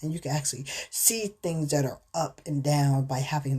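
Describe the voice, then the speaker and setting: A woman hosts her own show in a loose, chatty monologue. Her voice is fairly low and husky, and she rambles, stumbling over words and restarting. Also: moderate pace, dark tone. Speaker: host. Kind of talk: casual spoken monologue.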